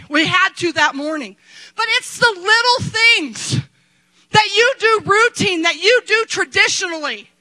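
A middle-aged woman pastor preaching a sermon, impassioned, rising to shouts and dropping to quiet asides. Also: very high voice, normal speed, low-quality recording.

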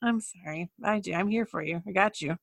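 A woman co-hosting a podcast, chatting casually in a relaxed way and laughing easily. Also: lowish voice, fairly quick, vocal fry. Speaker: podcast co-host. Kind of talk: casual chat.

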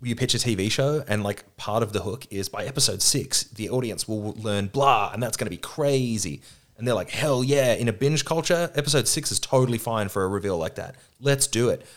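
A man's voice: fairly low pitch, fairly quick. A man chatting on a podcast at a table, a film producer who swears freely and tells stories with acted-out quotes. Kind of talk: casual podcast chat. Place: around a table with two others.

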